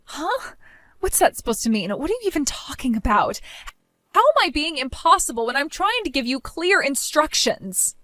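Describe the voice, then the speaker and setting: Actress playing a self-absorbed bride, high lively voice, whiny and demanding, dry close sound. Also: female voice, normal speed, dry recording. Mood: indignant. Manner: whiny, pleading, self-centered. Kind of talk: dramatized story voice acting.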